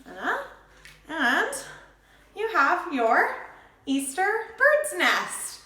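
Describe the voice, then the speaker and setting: A woman's voice: high voice, big pitch swings, drawn-out words, sharp tone, echoey room. A young woman hosting a cooking lesson for English learners, bubbly and checking in with her viewers again and again. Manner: bubbly, checks in with "okay?" often. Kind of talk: cheerful teacher-like cooking demo.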